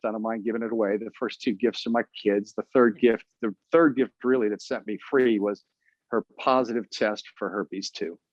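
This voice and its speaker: A man in his fifties with a lowish voice tells his own story as an interview guest, earnest and halting, restarting his sentences and leaning on fillers. The sound is dry and close, with dull, lo-fi remote audio that takes the shine off the voice. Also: no room sound.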